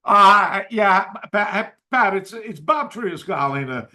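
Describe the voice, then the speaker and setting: A man's voice: high-pitched, lively intonation, slow, pushed and bright, pitched above the performer's own voice, heavily acted. A man putting on the voice of an older male karate grandmaster calling on the phone, courteous and apologetic. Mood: polite.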